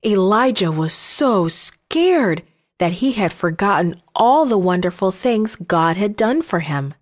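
A woman narrating children's Bible stories in a gentle, measured storytelling manner. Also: medium pitch.

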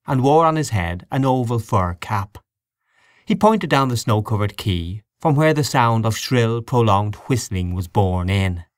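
A man reading a classic story aloud as audiobook narrator, measured and expressive. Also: lowish voice, dry recording, clean studio sound. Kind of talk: scripted narration.

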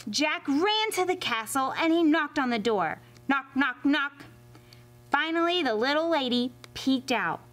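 Library storytime lady, high sing-song voice, takes her time. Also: a little slow, faint music behind. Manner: expressive and animated, addressing kids. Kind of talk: storytime reading for children.

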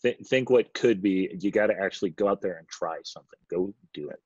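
A man hosting an interview over a video call, asking questions in a halting, casual way. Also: low voice, darkish tone, breathy edge, dry recording. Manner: halting, casual, thinks aloud. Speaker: host. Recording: dull lo-fi video call audio.

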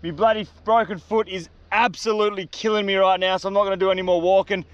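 A young Australian man vlogging a solo survival trip outdoors, excitable and slangy, talking straight to camera. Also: sits high, fast talker, smooth, dry recording, highs cut off. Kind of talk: casual outdoor vlog. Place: outdoors on a beach in the bush.

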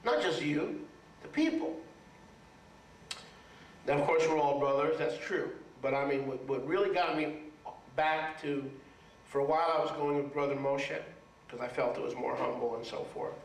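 Brief: man, rabbi delivering a sermon, raised pitch, emphatic and repetitive, echoey room, mic far off. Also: fairly even intonation, normal speed, creaky. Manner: emphatic, repeats words for stress, asks the audience for agreement. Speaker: rabbi teaching a congregation.

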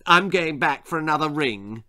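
A man reading aloud, voicing a bossy schoolboy with a sharp, taunting manner. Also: fairly high pitch, animated, normal speed, no room sound, studio quality.

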